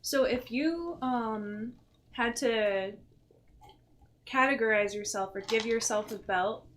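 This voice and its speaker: Slow-talking woman reading viewer questions. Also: a little high, fairly bright tone, a little hiss or hum. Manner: laughs easily, reads chat comments aloud. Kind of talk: casual livestream chat.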